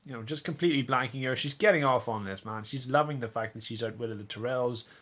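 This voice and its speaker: Bright-voiced man recapping a TV episode. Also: medium pitch, fast, dull audio. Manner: animated, acts out characters' lines in exaggerated voices; rambling with frequent fillers and restarts. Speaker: TV episode reviewer. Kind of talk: casual recap and commentary.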